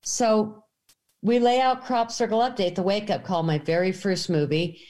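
A woman filmmaker telling a story in conversation, acting out the dialogue with animated pitch jumps. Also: moderate pace. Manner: animated, acts out quoted dialogue. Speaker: documentary filmmaker.

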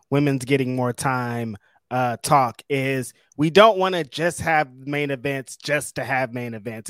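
A man co-hosting a casual wrestling podcast, speaking in a laid-back, measured way with dry humor. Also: mid-range voice, clear, resonant tone, no room sound. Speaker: podcast co-host.

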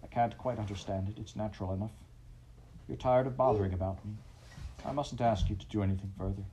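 A man's voice: lowish voice, fast talker, mellow, slight background noise, lightly acted. A man voicing a sulking male toad who murmurs weakly and languidly, full of self-pity. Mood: feeble self-pity.

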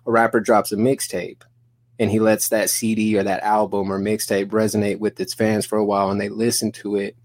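A man in his thirties telling a story on a podcast, animated and profane, acting out both sides of an argument in quoted dialogue. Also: fairly low pitch, fairly quick. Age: 30s. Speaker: podcast guest.

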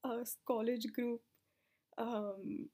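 A woman's voice: on the high side, fairly even intonation, slow, dark tone. Giggly breathless young woman rambling. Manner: giggly, swears a lot, drifts into whispers. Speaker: vlogger. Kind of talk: rambling casual monologue.

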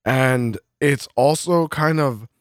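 A man's voice: medium pitch, takes it slowly, no echo, studio quality. A man co-hosting a podcast, chatting casually and tasting beer, laid-back and swearing freely. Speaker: podcast co-host.

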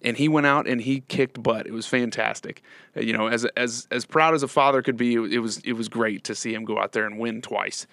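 Hoarse, halting man on a dry mic. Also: mid-range voice, a bit bright, no echo. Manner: halting, repeats words and restarts. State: slightly hoarse. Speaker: podcast host. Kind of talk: casual live podcast monologue.

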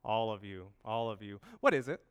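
A man preaching a lively sermon, telling a funny story with jokes and asides to the congregation. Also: fairly low pitch, moderate pace, smooth. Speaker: pastor.

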